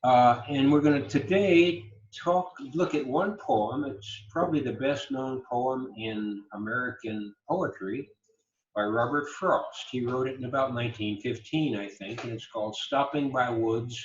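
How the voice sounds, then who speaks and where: A man giving a recorded online lecture, speaking slowly and emphatically and exaggerating word stress to demonstrate. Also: medium pitch. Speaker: college lecturer. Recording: roomy, dull lo-fi recording.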